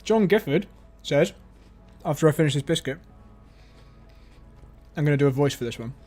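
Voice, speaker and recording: A chatty man with a slightly high voice hosts a live stream, reading viewer comments aloud and cracking jokes between them. Faint music sits under his voice. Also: expressive, moderate pace, darkish tone. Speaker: stream host reading chat. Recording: intro music behind.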